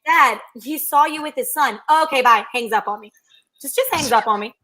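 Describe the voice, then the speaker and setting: A woman's voice: high voice, normal speed, bright, forceful tone, poor audio. A woman chatting casually on a podcast, teasing and correcting with dry remarks. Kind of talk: casual chat.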